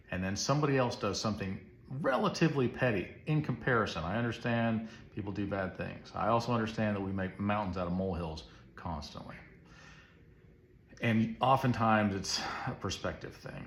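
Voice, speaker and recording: A man preaching casually to camera, telling a story with conversational asides. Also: on the low side. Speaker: Christian speaker. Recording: echoey room.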